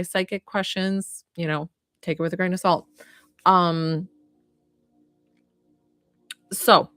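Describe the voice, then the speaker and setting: A woman's voice: fairly low pitch, a bit bright, no echo. A woman working as a psychic medium, chatting through a live reading with many "like" fillers.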